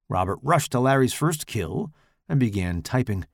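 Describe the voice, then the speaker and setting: A man reads a horror story with dramatic flair, his voice gravelly and swinging widely in pitch. The sound is dry and close, with no room around it. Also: lively intonation, normal speed, no room sound. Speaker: audiobook narrator. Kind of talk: scripted horror narration.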